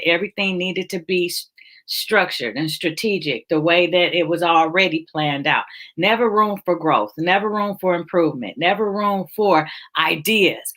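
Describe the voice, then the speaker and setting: A woman's voice: on the low side, fairly bright tone. A woman hosting a casual online talk about faith, emotional and encouraging, speaking over a video call. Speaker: host. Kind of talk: casual chat.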